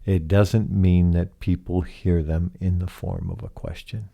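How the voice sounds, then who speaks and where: Male podcast host, solo reflective monologue; deep, gravelly, soft-spoken, questioning. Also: fairly even intonation, highs cut off. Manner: slow, soft-spoken, asks many rhetorical questions.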